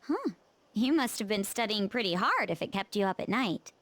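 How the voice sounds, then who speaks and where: A woman's voice: mid-range voice, very animated, moderate pace, a bit bright, dry recording. A woman streamer voicing a level-headed, studious teenage girl while reading game dialogue. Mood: sensible. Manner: level-headed, mildly scolding.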